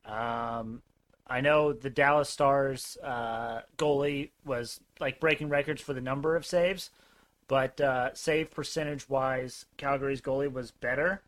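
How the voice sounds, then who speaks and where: A man's voice: medium pitch, steady tone, unhurried, a bit bright. A man co-hosting a podcast in a laid-back, hesitant way, chatting casually about hockey and betting. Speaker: podcast co-host. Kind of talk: casual sports betting chat.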